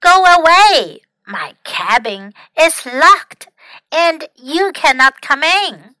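A woman's voice: high voice, takes it slowly, pushed and bright, no echo, exaggerated voice. A woman voicing a cross, reclusive male rat who snaps out short questions from behind a locked door. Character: grumpy reclusive male rat, hidden indoors.

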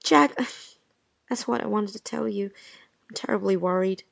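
A woman's voice: mid-range voice, unhurried, creaky, no echo, clean studio sound. A woman voicing Jean, an anxious, lovesick wife who pleads with her absent husband, in a dialogue drama reading. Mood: distraught. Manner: pleading, breathless and emotional.

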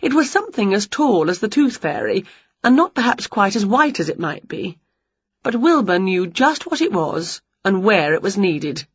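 A woman reading a children's picture book aloud, expressive and playful, acting out the sounds. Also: medium pitch, moderate pace, breathy edge, no room sound, muffled recording. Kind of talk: storybook read-aloud.

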